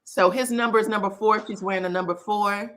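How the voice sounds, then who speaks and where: A woman hosts a casual live gossip stream, talking straight to her viewers. Her voice is bright and forceful. She chats and exclaims as she reads their comments aloud. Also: mid-range voice, steady tone, fairly quick. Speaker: celebrity gossip host.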